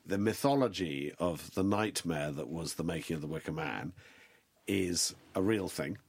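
Deep-voiced man, dry and wry. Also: normal speed, gravelly, breathy edge. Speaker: interview guest. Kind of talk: reflective interview talk.

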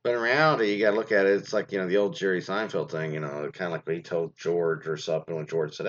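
A man's voice: low-pitched, fairly even intonation, fast, few pauses. A man chatting casually as host, rambling with many fillers and restarts while he reacts to stories. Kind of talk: casual commentary on reader stories. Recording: dull lo-fi sound.

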